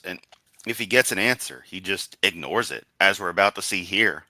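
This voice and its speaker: A man's voice: on the low side, fairly quick, pushed and bright, no room sound. A man reacting to a debate clip on a live stream, swearing and mocking as he talks. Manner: profane, mocking. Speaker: stream commentator. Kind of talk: reaction commentary.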